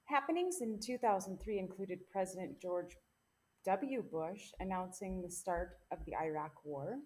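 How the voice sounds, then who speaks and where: A woman hosting a casual podcast from a small home recording room. She reads out the case notes and banters in a playful, teasing way. Her voice sits at a middling pitch. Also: lively intonation, normal speed, darkish tone. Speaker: podcast co-host presenting the case.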